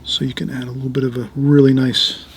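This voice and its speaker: A middle-aged man giving an easygoing oil painting lesson, talking while he works and often trailing off softly. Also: mid-range voice, little pitch movement, quick pace, a little hiss or hum. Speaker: painting instructor. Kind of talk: relaxed painting tutorial.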